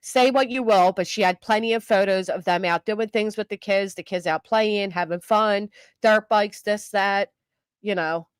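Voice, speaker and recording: An older woman talks through a true crime case in a loose, chatty way, stumbling over fillers as she reacts to comments and clips. Her voice is recorded dry and close, with no room sound around it. Her pitch sits in a middle range. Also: moderate pace, clear, resonant tone, no echo. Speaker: true crime livestream host. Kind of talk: casual commentary, reading viewer comments.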